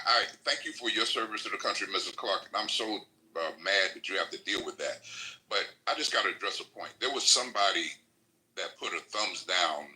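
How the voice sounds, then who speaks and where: Deep, bright-toned man moderating a panel. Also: rough recording. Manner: earnest, direct, interrupting to call out a listener. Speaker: host or moderator.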